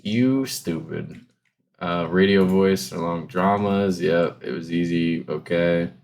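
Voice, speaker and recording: A man's voice: deep voice, takes it slowly, creaky, a little mellow, slight background noise. A man co-hosting a podcast in casual chat, teasing and swearing casually, laughing often. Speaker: podcast co-host.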